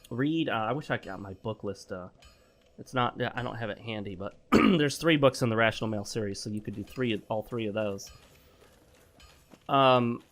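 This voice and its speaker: A man with a mid-pitched, ordinary voice talks casually over his gameplay. He gives blunt, opinionated advice and wanders off track, trips over his words, and fills gaps with "uh" and "um". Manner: rambling with frequent fillers and self-corrections. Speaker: gaming channel host.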